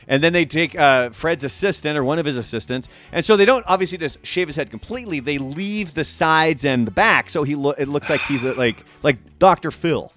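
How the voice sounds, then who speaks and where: Soft background music plays as a man with a voice on the high side hosts a casual podcast. He tells his story a little fast with few pauses, animated and full of swearing and quotes he acts out.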